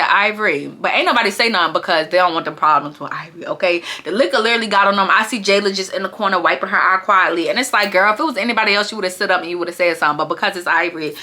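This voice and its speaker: A young woman with a bright, forward voice tells the story in a lively, gossipy way, talking straight to her viewers. Her delivery is casual and chatty, with the rhythm of a friend catching you up. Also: mid-range voice. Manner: animated gossipy storytelling, addresses viewers as y'all. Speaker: vlogger recapping a reality show.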